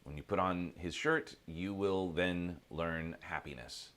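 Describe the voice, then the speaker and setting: A man voicing a wise old sage who speaks slowly and calmly. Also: deep voice, voice pushed down. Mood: instructive. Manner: slow, calm, measured. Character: wise old male sage, calm and knowing.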